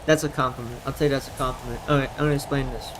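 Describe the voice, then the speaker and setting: A man talking casually on a live stream while gaming, in a loud, projecting voice, often repeating himself for emphasis. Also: mid-range voice, steady tone, rapid-fire, a little hiss or hum, low-quality recording.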